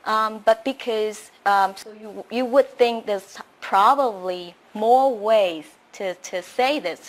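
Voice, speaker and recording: A woman teaching English pronunciation slowly, with many fillers. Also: mid-range voice. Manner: slow, halting, many fillers. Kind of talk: slow pronunciation lesson.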